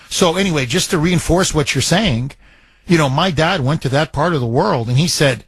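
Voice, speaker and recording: A man hosting a talk radio show, telling a story with lively, repetitive phrasing. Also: a little high, brisk, breathy edge, no room sound. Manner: animated storyteller, repeats phrases. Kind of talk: talk radio chat with a caller.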